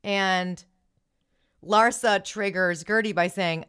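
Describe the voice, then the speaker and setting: A woman's voice: fairly low pitch, lively intonation, a little slow, a bit bright. A woman hosting a podcast, retelling reality TV scenes in casual chat and acting out the quoted lines. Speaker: podcast host.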